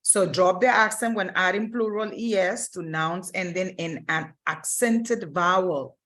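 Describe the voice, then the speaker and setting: A woman's voice: fairly low pitch, unhurried, fairly bright tone. A woman teaching Spanish grammar in a recorded lesson, explaining patiently step by step and often stopping to rephrase.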